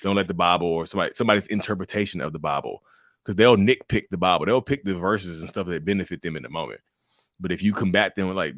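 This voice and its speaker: Interview guest: middle-aged man from North Carolina, very low voice, animated casual delivery, dry recording. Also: quick pace, dry recording. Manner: animated, laughs often, acts out quotes.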